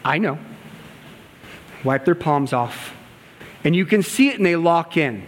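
A man preaching a sermon, telling a story and acting out the dialogue, moving between loud passages and hushed ones. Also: fairly high pitch, animated, a little slow. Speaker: pastor and gymnastics coach. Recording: long hall reverb.

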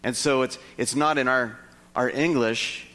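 A man preaching a sermon, stirred and lively, asking his listeners rhetorical questions. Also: measured pace, long reverb tail. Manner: animated, rhetorical questions, rising pitch when stirred. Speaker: pastor.

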